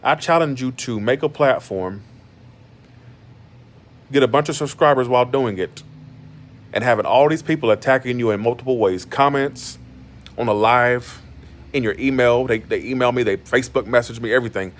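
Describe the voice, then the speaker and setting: Man, 30s, from Georgia, casual and blunt streamer, mid-pitched. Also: moderate pace, pauses often. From Georgia, USA. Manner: blunt, animated and defensive, with many restarts. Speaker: YouTuber. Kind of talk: casual monologue on a live stream. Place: in bed at home.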